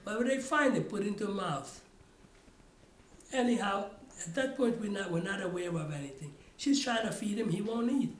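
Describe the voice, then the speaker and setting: A man's voice: high-pitched, expressive, moderate pace, slight background noise. An older man tells family stories in an oral history interview. He rambles and restarts his sentences often. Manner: rambling storytelling with many restarts. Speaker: father telling family stories. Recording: roomy echo.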